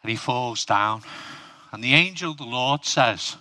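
A man's voice: medium pitch, animated, measured pace, sharp tone. A man preaching a humorous sermon, chatting with his audience and asking them questions.

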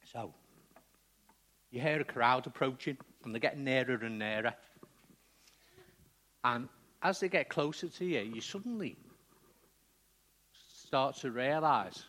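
A man's voice: medium pitch, unhurried, pauses often, fairly bright tone. A man preaching a sermon in a conversational way, often checking in with the congregation.

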